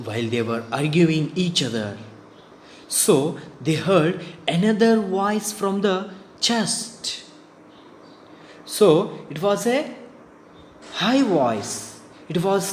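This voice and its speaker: Speaking in a slightly high voice with an Indian English accent, a male English teacher reads a story to students and explains it in a slow, halting manner, full of fillers and throat clearing. The room echoes and a faint hum sits in the background.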